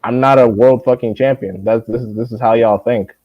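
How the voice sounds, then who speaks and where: A young man hosting a boxing live stream, ranting at a viewer in a profane, mocking way and mimicking people in high voices. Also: fairly even intonation, a little fast, dull audio. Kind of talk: heated casual live-stream rant.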